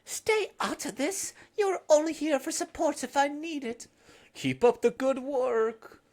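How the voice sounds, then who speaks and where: A woman's voice: high voice, a little slow, darkish tone, voice pushed up. A woman voicing a haughty young girl who runs a clan and commands her men coolly. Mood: commanding. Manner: bossy and cool.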